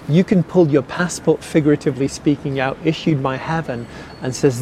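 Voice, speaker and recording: A middle-aged man, preaching a sermon earnestly and slowing down to stress key words. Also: a little high, mellow, slight background noise. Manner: earnest, repeats key phrases slowly for emphasis. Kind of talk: sermon teaching.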